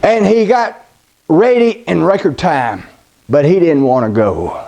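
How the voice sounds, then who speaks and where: A preacher with a high voice for a man tells a scripture story in a folksy, dramatic way. He calls his listeners buddy and slows down to build tension. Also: expressive, vocal fry, mellow. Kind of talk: sermon storytelling.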